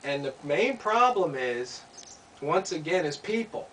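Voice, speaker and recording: A man's voice: on the high side, big pitch swings, a little slow, a bit bright. A man giving an opinion monologue, asking pointed rhetorical questions and repeating himself. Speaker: commentator. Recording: distant mic, faint background noise.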